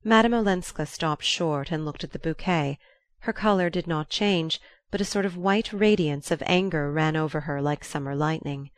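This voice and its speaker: Low-voiced woman narrating an audiobook. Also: normal speed, dry recording, studio quality. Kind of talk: scripted narration.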